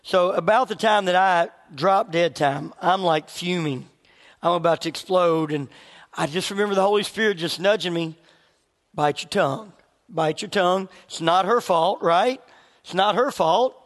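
A man with a high voice preaches a sermon, chatting with his congregation and asking them questions as he tells a story. His voice rings out with a long reverb, as in a large church hall. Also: normal speed, a bit bright. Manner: conversational, asks the congregation questions. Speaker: pastor.

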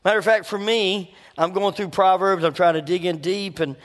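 A male pastor preaching a sermon in an animated way, laughing and acting out conversations. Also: sits high, moderate pace. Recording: long hall reverb.

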